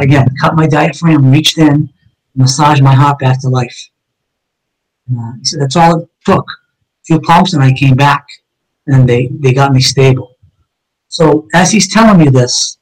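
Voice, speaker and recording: A man's voice: medium pitch, a little mellow, poor audio. Earnest man telling a personal story. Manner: earnest, acts out quoted dialogue in retelling. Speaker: interview guest.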